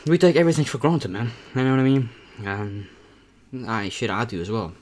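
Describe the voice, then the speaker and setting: A man's voice: medium pitch, animated, brisk, a little mellow. A young man vlogging a mukbang, talking casually and candidly between bites, rambling and often saying "man". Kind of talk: casual talk to camera while eating.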